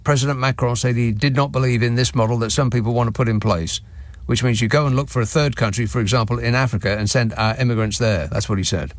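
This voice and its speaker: A man's voice: mid-range voice, quick pace. A man hosting a radio phone-in show, reading out listener messages with a sardonic, mocking manner in a studio. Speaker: radio talk show host. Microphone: studio microphone.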